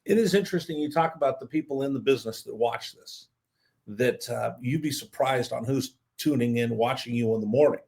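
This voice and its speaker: A man hosting a podcast interview, an animated storyteller who acts out the quotes in his anecdotes. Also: mid-range voice, a little fast, gravelly. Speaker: podcast host, executive producer.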